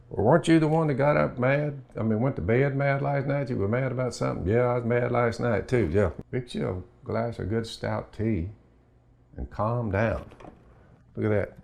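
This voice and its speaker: A man's voice: mid-range voice, normal speed, creaky, darkish tone. An older man with a Southern US accent giving a folksy sermon, drawling and acting out both sides of an imagined talk. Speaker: preacher.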